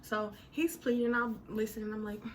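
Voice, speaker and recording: A young woman telling a personal story in a casual, animated way, full of slang and dramatic retellings. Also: mid-range voice, normal speed, slight background noise.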